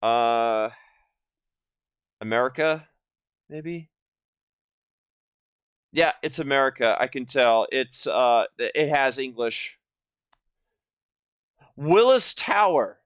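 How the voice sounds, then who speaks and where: A man in his twenties giving casual commentary while playing a video game, rambling and halting with lots of fillers and restarts. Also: mid-range voice, animated, fairly bright tone, clean tone, no room sound. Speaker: gaming video host. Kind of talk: casual let's-play commentary.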